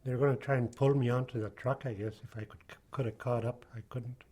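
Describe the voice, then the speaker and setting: An older man giving personal testimony in an interview, speaking haltingly with many pauses and fillers. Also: mid-range voice, steady tone, mellow.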